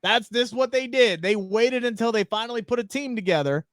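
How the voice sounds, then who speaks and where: High-voiced animated man talking wrestling. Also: brisk, dry recording, clean studio sound. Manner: animated, opinionated, swearing freely. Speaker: podcast co-host. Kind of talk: casual wrestling podcast chat.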